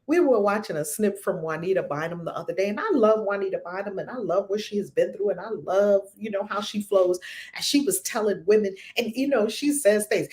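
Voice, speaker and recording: A woman's voice: mid-range voice, a little fast, a little mellow. A woman spiritual teacher speaking emphatically and preaching, full of rhetorical questions.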